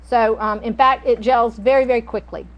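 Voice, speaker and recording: A woman's voice: fairly high pitch, steady tone, normal speed, muffled recording, slight background noise. A middle-aged woman, chatting and telling stories while teaching a cooking class. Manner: chatty, storytelling, folksy. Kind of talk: casual cooking demonstration.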